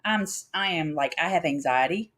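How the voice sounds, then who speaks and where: A woman's voice: low-pitched, animated, normal speed, fairly bright tone. A middle-aged woman co-hosting a casual live stream, chatty and self-mocking. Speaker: co-host.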